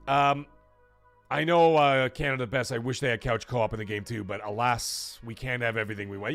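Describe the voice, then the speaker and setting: A man hosting a live gaming talk show, chatting casually and thanking viewers from chat in a rambling, animated way. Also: medium pitch. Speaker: livestream talk show host.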